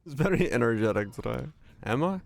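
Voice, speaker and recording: A man's voice: medium pitch, lively intonation, fairly quick, gravelly. A man streaming a video game, chatting casually in a laid-back, joking and sarcastic way, sleepy and yawning. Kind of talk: casual live-stream chat while gaming.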